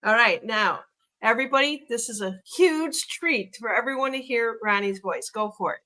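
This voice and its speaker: A woman's voice: a little high, lively intonation, moderate pace, sharp tone. A woman hosting a casual podcast chat, upbeat and talkative as she reads out viewer comments. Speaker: host.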